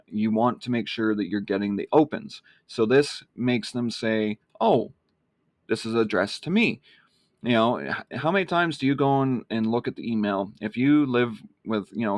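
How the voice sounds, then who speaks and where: A man with a lowish voice talks a viewer through his marketing email in a loose, rambling way. He fills the gaps with ums and "you know"s. The sound is close and dry, with no room around it. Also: brisk, no room sound. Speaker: online marketing vlogger. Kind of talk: casual screen-walkthrough explanation.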